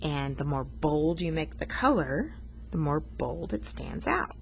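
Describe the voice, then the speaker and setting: A woman's voice: low-pitched, big pitch swings, measured pace, vocal fry, slight background noise. A woman art teacher talking students through a coloring lesson, patient and explanatory, teasing herself now and then.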